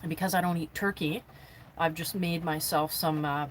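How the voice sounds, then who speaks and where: A woman's voice: fairly even intonation, normal speed, a little hiss or hum, poor audio. Chatty woman vlogging from her van. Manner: chatty, with pitch jumping high when talking to the dogs. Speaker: vanlife vlogger on a livestream. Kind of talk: casual live-stream chat. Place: inside a camper van.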